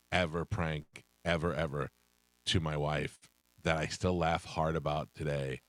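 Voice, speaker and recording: A man's voice: extremely low pitch, a bit bright, no room sound. A man hosting a radio show, chatting casually and telling stories, acting out the voices of the people in them. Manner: storytelling, acts out voices in anecdotes. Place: radio studio. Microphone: studio microphone.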